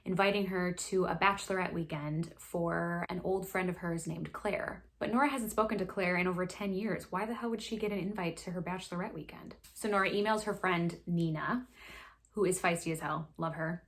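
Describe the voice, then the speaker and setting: A woman hosting a casual book recap, chatty and sassy, full of quick asides. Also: fairly low pitch, fairly even intonation. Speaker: book review host.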